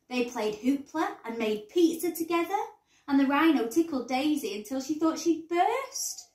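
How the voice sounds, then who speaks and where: Slow expressive teacher reading a story. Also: female voice, fairly high pitch, recorded from a distance. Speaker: primary school teacher. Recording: roomy echo.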